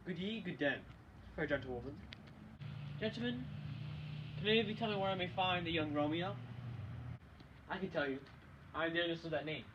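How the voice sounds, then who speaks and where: A young man, a student actor, reciting Shakespearean street-quarrel scenes in a quick exchange. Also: a little high, close to an everyday voice. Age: young adult. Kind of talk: amateur Shakespeare scene acting. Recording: dull lo-fi recording with loud noise.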